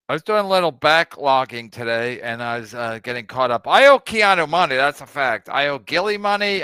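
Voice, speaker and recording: A man's voice: on the high side, sharp tone, clear, resonant tone, no room sound, studio quality. A middle-aged man hosting a podcast, ranting crudely and laughing at his own jokes. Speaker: podcast host reacting to clips. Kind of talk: crude comedic rant.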